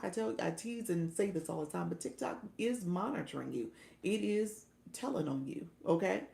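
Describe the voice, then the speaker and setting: A woman's voice: fairly low pitch, creaky, mellow, echoey room. A woman coaching new livestreamers in a casual chat, laughing often and thanking viewers as she reads their comments.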